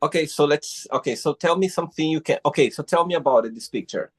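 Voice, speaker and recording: A man's voice: a little high, fast talker, slightly rough. A male host interviewing a guest over a video call, encouraging and often saying "wow". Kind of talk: interview hosting.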